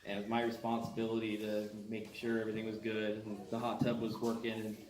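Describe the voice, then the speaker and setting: Man, friend's eulogy, even delivery; monotone, distant in an echoey, noisy hall. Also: lowish voice, quick pace. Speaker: childhood friend giving a eulogy. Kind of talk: memorial tribute speech. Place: memorial service hall. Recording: echoey hall, distant mic, background noise.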